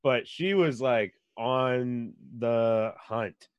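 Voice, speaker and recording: Brief: man guest, average pitch, dry close sound, rambling "like"-filled storytelling. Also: extremely slow, smooth, no room sound, highs cut off. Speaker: podcast guest. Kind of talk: casual chat.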